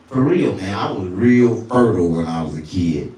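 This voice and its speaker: A male stand-up comedian telling crude stories, often jumping into falsetto. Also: animated, moderate pace, dark tone, heavy reverb, distant mic. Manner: crude, storytelling, swings into falsetto.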